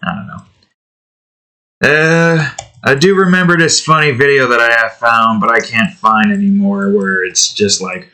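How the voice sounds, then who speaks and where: A man's voice: medium pitch, expressive, normal speed, sharp tone. A young man hosting his own drawing series, chatting casually while he works, rambling and often correcting himself mid-sentence. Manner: rambling, self-correcting, trails off.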